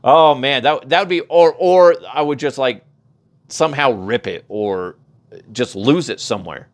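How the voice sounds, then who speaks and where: A man's voice: medium pitch, unhurried. Rambling, profane male podcast host. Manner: rambling, profane, laughs at own jokes, does mocking voices. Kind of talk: casual comedic headline rant.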